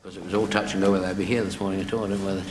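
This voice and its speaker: A man's voice: low voice, flat delivery, very fast. A man, a comedian, telling a rambling comic anecdote in a chatty, stumbling, self-mocking way, in a noisy old studio recording.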